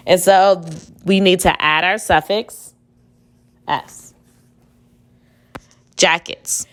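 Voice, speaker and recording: A woman teacher leads a spelling dictation at a very slow, deliberate pace. Her voice sits a little low, and she spells each word letter by letter, syllable by syllable. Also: steady tone, a bit bright.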